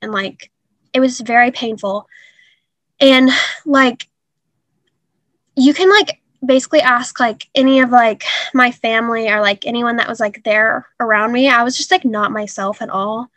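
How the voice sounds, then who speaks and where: A young woman telling a painful personal story in an interview, halting and earnest with many fillers. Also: on the high side, fairly bright tone, dry recording. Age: young adult. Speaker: guest.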